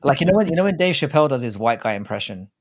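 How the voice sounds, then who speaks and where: A British man talks in loose, rambling banter as co-host of a casual livestream. His voice sits at a middling pitch, and he chats easily with his partner. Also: very animated, rapid-fire. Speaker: podcast co-host.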